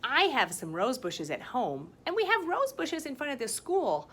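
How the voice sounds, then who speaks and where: A woman teaching a science lesson to young children, talking in a slow, sing-song teacher voice full of exaggerated enthusiasm. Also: sits high, sing-song, fairly bright tone. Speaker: kindergarten teacher. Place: school campus, partly outdoors.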